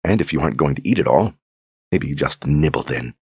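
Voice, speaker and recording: Husky purring duchess lady, all breathy and quiet and coy, a deep-voiced guy doing her in an audiobook. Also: animated, dry recording, exaggerated voice. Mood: sultry. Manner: low murmuring, coy and slow. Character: seductive husky-voiced duchess, adult woman. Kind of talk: audiobook character reading.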